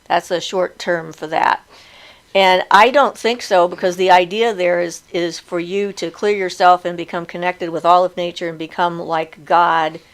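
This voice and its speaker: A woman's voice: fairly low pitch, fairly even intonation, normal speed. A middle-aged woman hosting a casual live chat, talking freely and laughing often as she reads viewer comments aloud.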